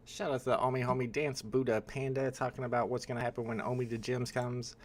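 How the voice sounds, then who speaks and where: A man's voice: mid-range voice, level tone, fast. Chatty man hosting a live stream. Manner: casual and chatty, reads and answers chat. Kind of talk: casual live stream commentary.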